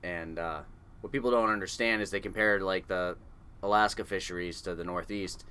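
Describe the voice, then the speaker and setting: A man's voice: low voice, steady tone, moderate pace, bright, forceful tone, clean tone. A man in his forties from coastal New England, a fishing boat engineer telling stories in a casual interview, salty and swearing freely.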